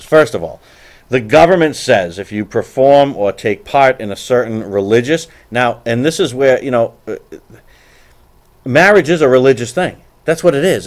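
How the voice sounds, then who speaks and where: A middle-aged man hosting a live political talk show and giving blunt, opinionated rants with frequent restarts while reading out viewer messages. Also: mid-range voice. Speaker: show host.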